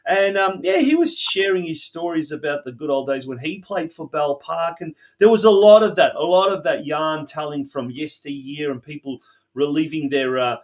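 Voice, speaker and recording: A man's voice: on the high side, lively intonation, normal speed. An Australian man hosting a local sports podcast, chatting casually and enthusiastically. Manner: chatty, enthusiastic, frequent restarts. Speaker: podcast host.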